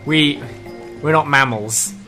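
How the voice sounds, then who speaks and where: A man's voice: fairly high pitch, takes it slowly, over music. A young man co-hosting a let's play, chatting and joking in a laid-back way. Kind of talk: casual gameplay commentary.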